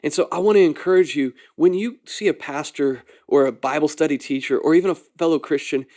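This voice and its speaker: A man's voice: on the high side, brisk, a little mellow. A man hosting a podcast, giving an earnest, pastoral Bible teaching that rises into exhortation.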